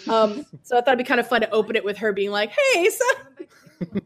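A woman's voice: fairly high pitch, fairly even intonation, very fast. Giggly woman writer chatting. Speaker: writer on commentary. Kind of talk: casual commentary chat.

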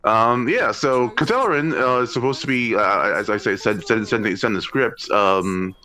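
A man's voice: on the low side, moderate pace. A man guesting on a podcast as the writer, chatting casually with frequent stammering restarts. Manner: bright, animated, stammering restarts. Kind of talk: casual chat.

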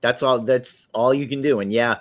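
A man in casual podcast conversation, animated and laughing, often restarting his phrases. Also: medium pitch, moderate pace. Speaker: podcast guest or host, artist.

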